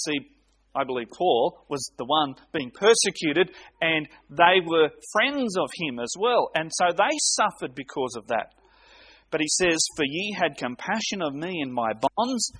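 Man, preacher, slow emphatic sermon, expressive rising voice. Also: on the high side, slightly rough. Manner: slow, emphatic preaching with dramatic pauses, reading scripture aloud. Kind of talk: expository sermon.

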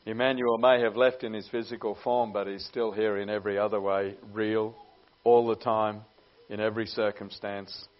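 Lower-voiced man preaching, muffled recording. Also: little pitch movement. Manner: earnest, with many "uh" pauses. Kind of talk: sermon. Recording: dull lo-fi recording.

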